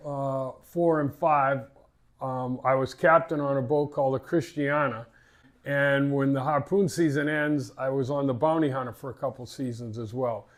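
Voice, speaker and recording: An older man with a Boston accent, a fishing captain telling stories in a casual interview, rambling and repeating words. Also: mid-range voice. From Massachusetts.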